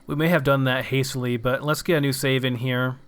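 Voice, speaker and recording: A man's voice: mid-range voice, brisk, clear, resonant tone. Young guy muttering through his game, laid back, cusses a bit. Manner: relaxed, musing aloud, swears. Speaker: gamer. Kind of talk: casual gameplay commentary.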